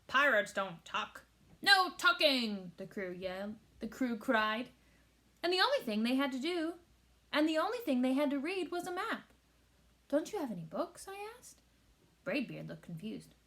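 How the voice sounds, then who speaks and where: Bright, lively woman reading a storybook. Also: on the high side. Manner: expressive storytelling. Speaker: teacher. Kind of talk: children's picture book read-aloud.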